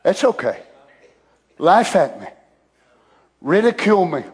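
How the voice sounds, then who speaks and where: Male preacher, very high voice, impassioned sermon delivery that climbs to shouting. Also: sing-song, a little slow. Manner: impassioned, swinging between hushed and shouted.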